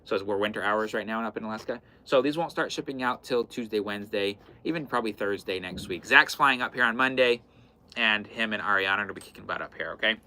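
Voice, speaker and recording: Guy running a live fabric sale, bright voice, chatty, keeps calling out item numbers. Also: lowish voice, fast talker. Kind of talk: live-stream sales chat. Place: indoor fabric shop in the far north.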